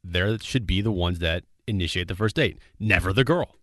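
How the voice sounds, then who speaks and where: A man's voice: sits low, normal speed, a bit bright, dry recording, studio quality. A young man hosting a casual dating podcast, upbeat, joking and direct. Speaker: podcast host. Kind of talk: casual chat.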